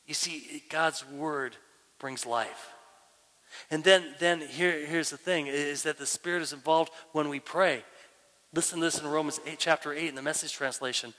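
A man preaching a sermon as pastor, emphatic and animated, repeating phrases and dropping to a hushed prayer voice at times. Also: a little high, a little fast. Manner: drops to a hushed, near-whispered prayer voice at times. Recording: long reverb of a large hall.

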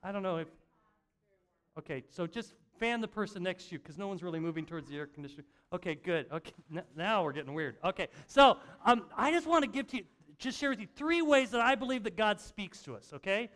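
An older male pastor with a high voice preaches in a church. He talks like he is chatting with friends, pokes fun at himself, and trips over his words as he restarts sentences. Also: animated, fast, a bit bright. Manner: conversational, self-mocking storytelling with frequent restarts. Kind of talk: sermon. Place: church sanctuary.

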